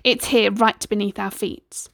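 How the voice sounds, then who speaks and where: A menacing, scheming sorcerer who hisses and snarls his commands, put on by a woman reading a storybook. The voice has a gravelly edge and sits in a dry, close space. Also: medium pitch, steady tone, unhurried, a bit bright, no echo. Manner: snarling, hissing threats. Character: scheming middle-aged male sorcerer, menacing.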